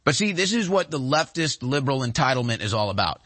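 A man's voice: mid-range voice, sing-song, quick pace, a bit bright, no echo. A man hosting a talk show, giving emphatic, sarcastic political commentary.

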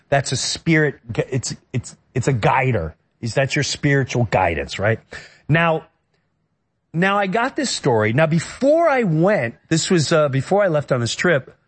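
Middle-aged guy from new york area, kinda high voice, telling an emotional story, keeps restarting his sentences. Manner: earnest, emotional, halting with many restarts. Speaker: guest. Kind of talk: personal storytelling in a conversation.

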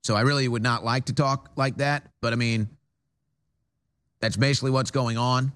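A man's voice: mid-range voice, fairly even intonation, moderate pace, fairly bright tone, clear, resonant tone. A man hosting a political talk show from a studio, delivering an emphatic monologue with frequent stammered restarts.

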